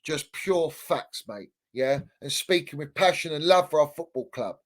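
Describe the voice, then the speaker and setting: High-pitched ranting man. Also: expressive, moderate pace. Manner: heated, slangy, repetitive ranting. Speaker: football fan channel host. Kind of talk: livestream fan rant.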